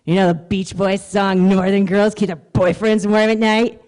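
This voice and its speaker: A woman's voice: mid-range voice, flat delivery, normal speed, darkish tone, close to an everyday voice. A woman doing a drunk, leering older businessman. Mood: flirty.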